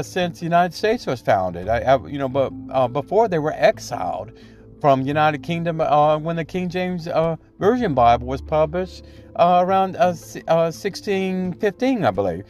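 A podcast host gives solo opinion commentary in a fairly high, animated voice with a darkish tone at a moderate pace, the sound lo-fi over soft background music. Rambling and indignant, he often tags points with "okay?", trails off into fillers, and restarts frequently.

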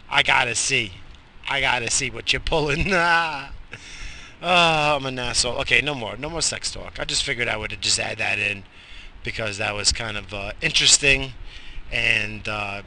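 Exhausted man with a sharp, bright voice. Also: medium pitch, slight background noise. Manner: profane, blunt, joking. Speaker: podcast host. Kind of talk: crude rambling monologue.

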